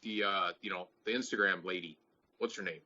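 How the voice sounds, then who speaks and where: A man's voice: deep voice, steady tone, fairly quick, sharp tone, dull audio, a little hiss or hum. A man hosting a casual podcast chat, profane and rambling, often laughing. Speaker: podcast host.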